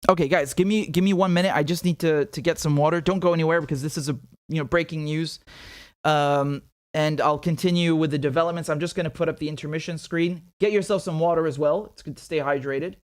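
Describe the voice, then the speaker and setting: A man's voice: on the high side, quick pace, no echo, clean studio sound. A man hosting a live stream, commenting casually and answering chat in a blunt, profane way, with many restarts, while nursing a headache. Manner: blunt, profane, animated, with many repeated words. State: has a headache.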